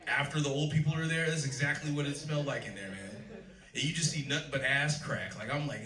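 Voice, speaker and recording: A man's voice: medium pitch, brisk, recorded from a distance. A man in his thirties doing a stand-up set on a club stage, talking to a live audience and laughing at his own jokes. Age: 30s. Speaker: stand-up comedian. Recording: roomy club sound, live crowd.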